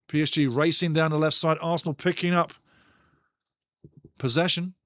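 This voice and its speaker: Here a man with a higher, steady, fairly bright voice talks at a moderate pace, leaving long pauses, in a dry studio-quality recording. He's hosting a live football watchalong, chatting passionately and ranting over referee decisions.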